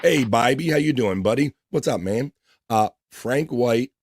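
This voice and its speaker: A man from the US East Coast with a medium-pitched, expressive voice hosts a casual livestream at a measured pace. He reads viewers' messages aloud and greets them by name, loose and profane, with background noise in the recording.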